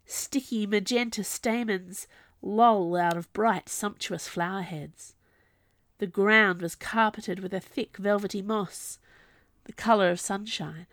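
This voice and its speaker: A woman reading a story aloud as narrator, in an expressive, lively storytelling manner. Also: mid-range voice, takes it slowly, dry recording. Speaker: audiobook narrator. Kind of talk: scripted narration.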